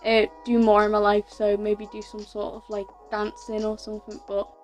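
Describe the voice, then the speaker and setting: A woman's voice: mid-range voice, completely flat delivery, normal speed, soft background music. A teenage girl from England, chatting through a casual Q&A vlog in a rambling way, with lots of fillers and self-corrections. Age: teens. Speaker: YouTuber.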